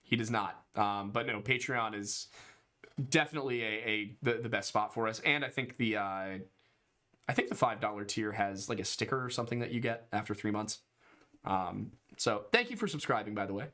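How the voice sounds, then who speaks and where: A man's voice: fairly low pitch, normal speed, sharp tone. A young man from Pennsylvania co-hosting a casual livestream podcast, reading donation messages aloud and laughing often.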